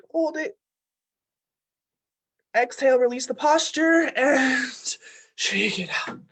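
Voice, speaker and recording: A woman leading a guided breathwork class, coaching in an energetic, blunt manner with the odd swear word and chanting affirmations that build in force. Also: fairly low pitch. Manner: chants affirmations, pushes louder toward the end. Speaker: breathwork and meditation leader.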